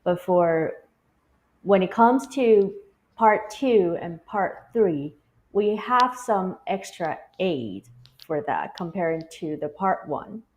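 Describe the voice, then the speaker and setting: A woman who makes language courses, explaining them on a live online talk in a careful way, with pauses between phrases. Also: fairly low pitch, lively intonation, poor audio. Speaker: course creator. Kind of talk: explaining on a livestream.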